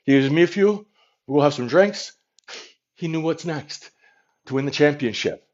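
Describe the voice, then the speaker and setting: A man's voice: a little high, expressive, moderate pace, a little mellow, muffled recording, pitched above the performer's own voice, lightly acted. A man voicing a boastful middle-aged New York Italian tough guy with a New York Italian accent, name-dropping and saying "you know" constantly. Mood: boastful storytelling.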